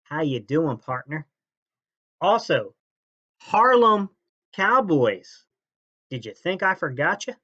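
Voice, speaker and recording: A man hosting a sports fan channel, ranting and mocking rival fans' comments, jumping between loud jabs and low sneers. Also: expressive, a little slow, slightly rough, highs cut off. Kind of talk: fan reaction rant.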